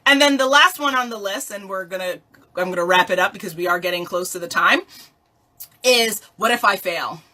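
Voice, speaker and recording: Bright-voiced woman giving motivational talk. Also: mid-range voice, fairly quick. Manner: animated, playful, laughs often, asks rhetorical questions. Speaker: life coach.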